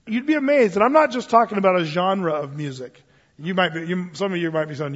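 A man preaching a sermon in a church, telling stories with animated delivery and acting out the voices of others. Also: sits high, a little fast, big-room sound, muffled recording. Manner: animated storytelling, acts out quoted voices. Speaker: pastor.

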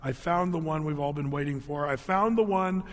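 An awed village woman from a sermon story speaks in a low, hushed and earnest voice, as a male preacher puts her on. His natural voice sits high. A long reverb trails each line through a large hall. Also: moderate pace, natural voice. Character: relieved woman of the village at the well.

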